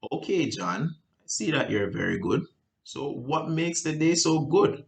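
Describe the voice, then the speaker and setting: A man's voice: medium pitch, animated, normal speed, natural voice. A man voicing an eager, friendly male financial advisor in a sales role-play. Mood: upbeat.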